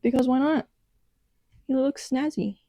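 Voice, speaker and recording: Soft-spoken young woman, slow and rambling. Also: sits high, no echo, studio quality. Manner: relaxed, rambling, many ums and likes. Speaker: artist vlogger. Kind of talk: casual sketchbook tour narration.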